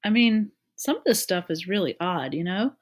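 A woman's voice: mid-range voice, expressive, normal speed, close to an everyday voice. A woman voicing Jared, a nervous, curious young boy, in a storybook reading. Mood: wondering.

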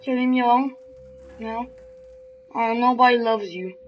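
A woman's voice: on the high side, moderate pace, highs cut off, faint music behind. A woman giving let's-play commentary on a horror game, jumpy and swearing, taunting the game's characters. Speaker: gamer playing a horror game.

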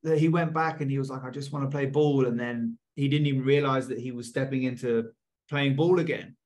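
A man's voice: medium pitch, fairly even intonation, fairly quick, a little mellow. A man interviewing a therapist, asking thoughtful, reflective questions. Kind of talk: interview conversation.

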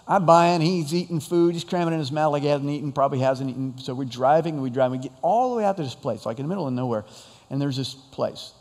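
A man's voice: medium pitch, brisk, a little mellow. A man preaching a sermon, telling a personal story in a rambling, self-deprecating way with lots of fillers. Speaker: pastor. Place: church sanctuary. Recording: long church hall reverb.

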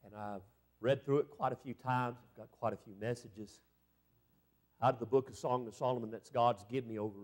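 A middle-aged man preaching a revival sermon as an evangelist, building to fervent exclamations. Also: a little high.

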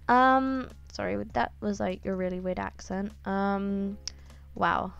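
A woman giving casual gameplay commentary, chatty and excitable, with lots of ums and quick exclamations. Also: medium pitch, vocal fry, smooth, soft background music. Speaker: gaming YouTuber.

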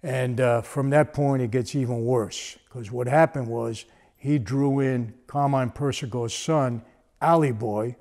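A man's voice: mid-range voice, a little mellow. A man, telling a story in a casual, conversational way with frequent asides. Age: 60s.

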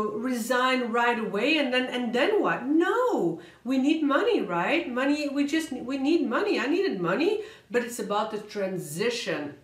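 A woman with a fairly high voice gives motivational career advice in a vlog. She talks in quick, emphatic bursts, repeats words for emphasis and slows down on key points. The recording carries a noticeable room echo. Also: a bit bright. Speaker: career coach and vlogger. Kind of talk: motivational vlog talk to camera.

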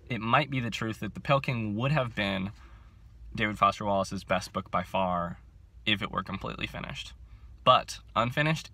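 Excitable twenties male book vlogger, self-mocking, bright edge, low-set voice, recorded on a phone. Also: dry recording. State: overcaffeinated. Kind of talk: casual chat to camera. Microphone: handheld phone.

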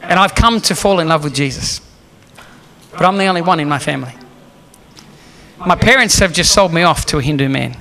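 A young woman sharing her testimony, as a male preacher retells it, earnest and plain, in a bright, fairly high voice without much disguise. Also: fairly quick, vocal fry, pauses often.

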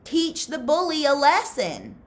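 A woman voicing an adult male camp counselor who urges and yells orders, in a storybook reading. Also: on the low side, lively intonation, slow. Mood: urging. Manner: urging, then yelling orders.

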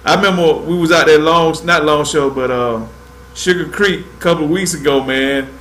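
A laid-back man from Georgia chats loosely on a fishing livestream, his voice sitting a little high for a man. He drawls along and keeps dropping "man" at the end of his sentences. A faint hiss of noise runs underneath. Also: moderate pace, fairly bright tone. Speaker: fishing show host. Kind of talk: casual livestream chat.

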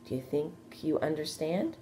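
Woman reading a calm motherly spider. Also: low-pitched, normal speed, a little hiss or hum, natural voice. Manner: gentle, firm, matter-of-fact. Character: wise calm female spider, motherly and steady.

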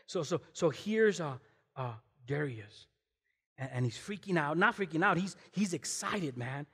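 A man preaching as a guest pastor, animated and emphatic, firing rhetorical questions and slipping in casual slang. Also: a little high, unhurried, slightly rough. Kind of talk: sermon. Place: church sanctuary. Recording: long hall reverb in a church.

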